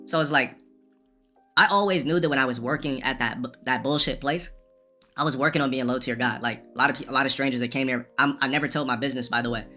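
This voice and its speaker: A man's voice: medium pitch, quick pace, pushed and bright, soft background music. A man rambling through a profane, casual story as a streamer, with frequent restarts.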